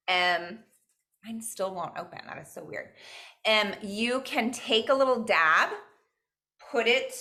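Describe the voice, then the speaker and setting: A woman's voice: mid-range voice, pushed and bright. A woman teaching a virtual cooking class, upbeat and encouraging, weaving Spanish words and counting into her instructions. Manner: upbeat, mixes in Spanish phrases and counts aloud. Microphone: video call.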